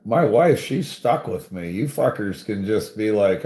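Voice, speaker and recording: A man's voice: fairly low pitch, a little slow, mellow. A man telling a rambling, profane story in casual chat, laughing often and swearing freely. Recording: roomy echo.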